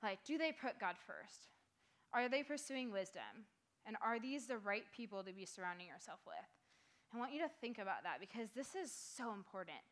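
A young woman giving a casual youth-group sermon, excitable and full of "like" fillers, moving between loud outbursts and hushed earnest talk. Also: medium pitch, normal speed.

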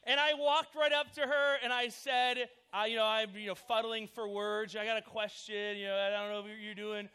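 The man's high, clean voice moves at normal speed with hardly any pauses. As a youth pastor, he tells stories in a casual sermon for young people, upbeat and conversational, with many fillers.

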